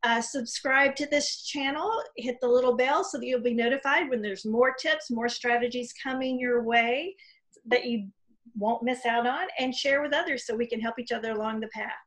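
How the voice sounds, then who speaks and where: A woman's voice: on the high side, normal speed, fairly bright tone. Chatty woman hosting a video call. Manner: chatty, encouraging, laughs easily. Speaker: host. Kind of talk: casual video-call interview.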